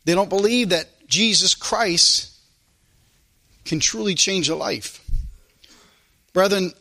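Male preacher, high bright voice, church sermon that swings between loud and quiet. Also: takes it slowly, gravelly. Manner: preaching with sudden rises and drops in loudness. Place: church service.

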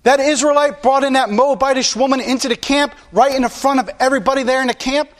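A man's voice: extremely high pitch, steady tone, quick pace. A male pastor preaching a sermon in a blunt, impassioned way, repeating his points.

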